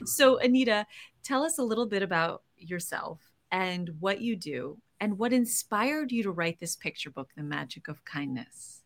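A woman hosting a podcast and chatting casually with a guest, bubbly and quick to laugh. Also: medium pitch, expressive. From Boston area. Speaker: podcast host. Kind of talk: casual interview chat.

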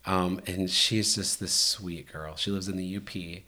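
A man with a fairly low voice chatting casually as a podcast host. He tells stories in an animated way, full of fillers and restarts. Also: measured pace. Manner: animated storytelling, many fillers. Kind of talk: casual chat.

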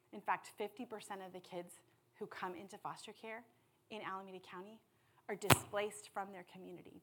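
A woman preaching a sermon with passion, dropping to hushed tones and then rising to loud appeals. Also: fairly low pitch, slightly rough. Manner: impassioned, swings from hushed to loud.

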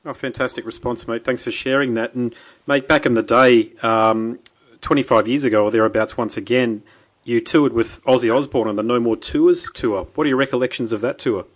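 A man's voice: mid-range voice, steady tone, a little fast. A man with an Australian accent hosting a podcast interview, friendly, calling his guest mate. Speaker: podcast host.

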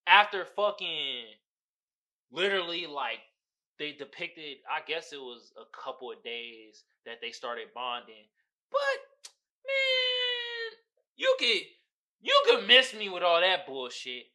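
Speaking a little slowly in a fairly high, sing-song voice, the same kind of host sounds bright and forceful. He spins a comedic podcast story loaded with slang and swearing, frequently laughing and impersonating the people he mentions.

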